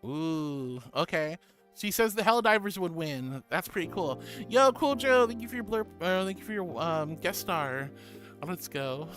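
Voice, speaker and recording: A mid-pitched streamer chats through viewer messages, teasing and affectionate, laughing easily and calling everyone sweetheart. Steady background music runs clearly under the voice, picked up on a close desk mic. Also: measured pace. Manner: affectionate, playful, giggly, calls viewers sweetie and honey. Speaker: VTuber streamer. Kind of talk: casual livestream chat, reading viewer messages. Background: music playing.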